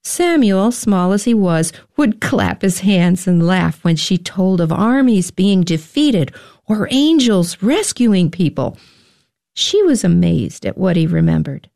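A woman narrating a story in a gentle, scripted reading style. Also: lowish voice, gravelly.

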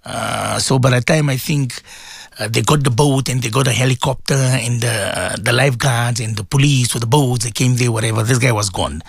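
A man hosting a casual radio talk show as a Muslim cleric, rambling and repeating words with sudden jumps in pitch. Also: normal speed, gravelly, husky, no echo, studio quality.

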